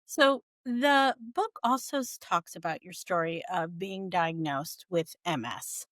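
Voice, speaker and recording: A woman's voice: lowish voice, expressive, slow pace, a bit bright, no echo. A woman hosting a podcast interview, asking questions and giving short supportive affirmations. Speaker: podcast host.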